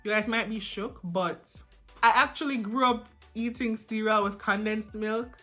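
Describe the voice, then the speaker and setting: A young woman chatting casually in a vlog about her student life, animated and prone to repeating herself. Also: mid-range voice, unhurried, faint music behind. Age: young adult. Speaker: student vlogger.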